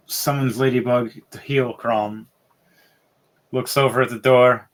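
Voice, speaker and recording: A man running a tabletop game as game master, narrating with animated, laughing energy. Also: mid-range voice, a little slow, long pauses.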